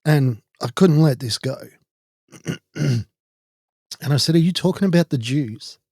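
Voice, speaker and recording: A man's voice: a little high, lively intonation, measured pace, dark tone, husky, no echo, studio quality. A man from Ireland with an Irish accent, telling a personal story in an indignant, heated way as a podcast host. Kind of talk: personal monologue.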